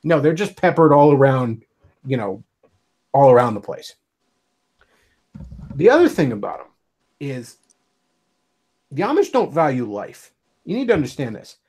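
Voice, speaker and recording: A man's voice: medium pitch, very animated, measured pace, long pauses, darkish tone, breathy edge. An American man hosting a livestream, ranting heatedly with constant swearing and sarcasm. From United States. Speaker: livestream host. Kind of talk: ranting casual monologue.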